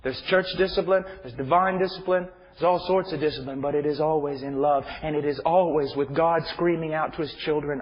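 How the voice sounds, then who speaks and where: A man preaching an impassioned sermon, dropping to hushed near-whispers and rising to loud fervent pleas. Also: a little high, a little fast, hardly any pauses. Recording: dull muffled sound with hall reverb.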